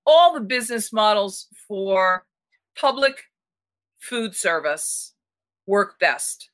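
A woman's voice: mid-range voice, big pitch swings, takes it slowly. A woman hosting a casual panel chat, asking long, rambling questions full of restarts.

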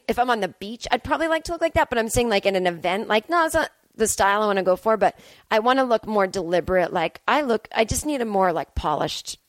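A young adult woman comedian hosts her podcast, spinning a rambling, self-deprecating story full of fillers in a casual monologue. Her voice is mid-range, with no room sound.

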